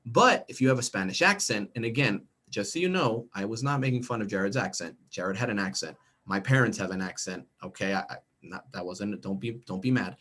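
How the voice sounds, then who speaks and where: Speaking fairly quickly in a fairly low, fairly bright, slightly rough voice, this middle-aged man from the United States presents a professional development workshop for teachers via video call. He keeps it conversational, often checking in with "okay?" or "right?".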